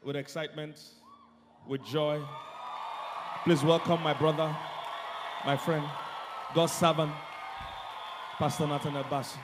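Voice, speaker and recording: A man preaching a sermon as pastor, moving between loud shouted decrees and quiet, low lines. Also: flat delivery, unhurried, pauses often, crowd noise, background noise. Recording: reverberant hall, faint music behind.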